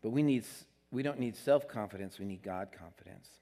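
A man's voice: fairly low pitch, fairly quick, mellow. A man preaching a sermon in an earnest, conversational way, with emphatic rises on his key points. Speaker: pastor. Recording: long hall reverb.

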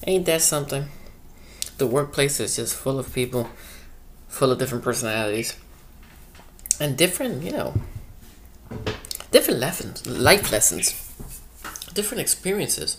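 Rambling man with faint room hum. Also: mid-range voice. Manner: chatty, acts out quoted coworkers, laughs at own stories. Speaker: one-man show host. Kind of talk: rambling comic monologue about work life.

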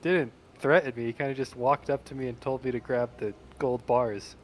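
A man's voice: mid-range voice, fairly even intonation, moderate pace, a little hiss or hum. Joking man playing a game. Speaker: player. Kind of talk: casual in-character banter.

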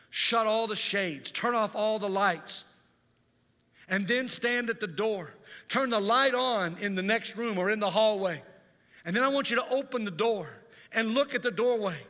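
A male pastor preaching a Sunday sermon in a church, telling stories in an animated, dramatizing way. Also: sits high, in a large hall. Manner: animated storytelling, dramatizes scenes. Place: church sanctuary.

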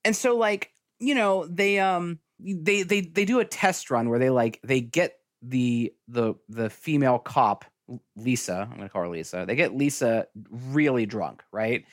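A man's voice: mid-range voice, a little slow, dry recording, clean studio sound. A man co-hosting a podcast, rambling in casual movie chat with lots of "like" fillers. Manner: rambling, animated, many fillers. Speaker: podcast co-host.

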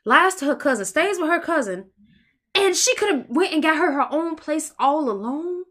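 A woman co-hosting a casual podcast, reading listener questions aloud and reacting with animated exclamations. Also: high-pitched, moderate pace. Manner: animated, exclaiming, laughs often. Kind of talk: casual chat.

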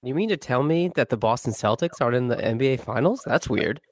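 A man guesting on a sports podcast, breaking down plays in a measured, analytical way with deadpan humor. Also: mid-range voice, no echo, studio quality.

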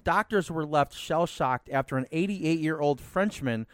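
A man's voice: fairly high pitch, moderate pace, clear, resonant tone, no room sound, studio quality. A man hosting a comedy podcast, reading out odd news stories with wry, laughing asides. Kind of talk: casual comedy podcast chat.

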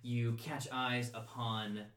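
A man narrating as game master, describing scenes in a halting, descriptive way with restarts. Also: medium pitch, level tone, a bit bright, reverberant, slight background noise.

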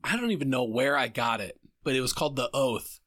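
A man in casual podcast chat, telling stories with lots of swearing and animated retelling. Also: medium pitch, fairly quick, no echo, clean studio sound. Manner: profane, animated storytelling. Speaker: podcast co-host.

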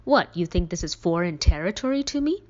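A gruff, indignant middle-aged father, voiced by a woman reading a story. The voice stays low. The sound is dull and lo-fi. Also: very animated, a little fast, darkish tone. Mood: gruff teasing. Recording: dull lo-fi recording.

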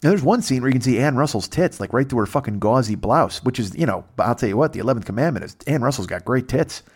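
A man's voice: medium pitch, lively intonation, quick pace, a little mellow, husky. A man hosting a podcast, telling a rambling, profane comic story that keeps drifting off track. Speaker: podcast host. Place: temporary setup away from home.

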